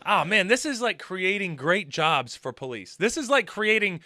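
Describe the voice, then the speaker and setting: A man's voice: sits high, animated, normal speed, sharp tone. A man giving sarcastic, laughing commentary on a video he is reacting to.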